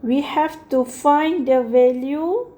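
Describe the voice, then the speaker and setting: A woman teaching a math lesson, explaining slowly and patiently. She often checks in with "okay" and corrects herself mid-sentence. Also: high voice, mellow.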